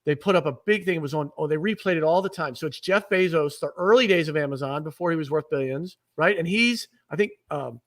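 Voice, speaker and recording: Enthusiastic high-voiced host, off-mic. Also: male voice, fast talker, hardly any pauses, distant mic. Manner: enthusiastic, rambling, repeats himself. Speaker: podcast host. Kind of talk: casual interview chat.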